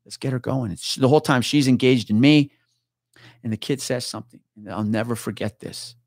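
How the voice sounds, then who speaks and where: A man's voice: medium pitch, fairly quick, no echo, studio quality. A man guest on a podcast, a retired police officer telling a story in casual talk, swearing freely and acting out what others said.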